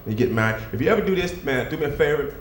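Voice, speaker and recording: A man performing a stand-up comedy set on a club stage, telling stories and acting out characters with loud outbursts. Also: on the high side, rapid-fire, echoey room, slight background noise. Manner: animated storytelling, acts out characters with loud outbursts. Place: comedy club stage before a live audience.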